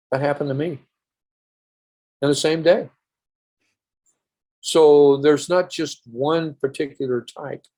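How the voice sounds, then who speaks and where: A man's voice: mid-range voice, mellow. An older man, a podcast guest, recounting a personal story earnestly in a rambling way with restarts.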